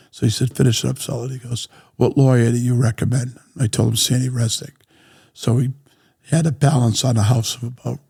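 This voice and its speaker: A man with a New England accent, telling a long business story on a podcast and acting out everyone's lines as he goes. His voice is gravelly, with a husky edge. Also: mid-range voice. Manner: animated anecdotes, acting out other people's lines. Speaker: real estate developer.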